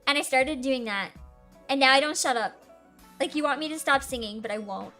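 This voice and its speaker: Giggly bright-voiced young woman streamer. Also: high-pitched, fairly quick. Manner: giggly, chatty, says "like" a lot. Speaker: streamer hosting a Q&A. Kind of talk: casual livestream chat. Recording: faint background music.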